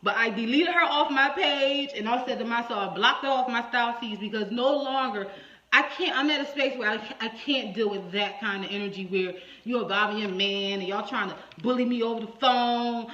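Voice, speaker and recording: A woman's voice: a little high, moderate pace, pushed and bright. A woman hairstylist telling a story to her viewers in a casual, salty way, playing both sides of a phone call. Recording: echoey room, dull lo-fi sound.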